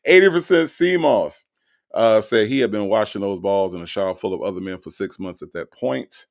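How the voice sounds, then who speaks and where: Man, gravelly low voice, lively swooping pitch, sassy mocking commentary. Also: moderate pace. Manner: reads viewer comments aloud. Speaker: show host reacting to recorded calls.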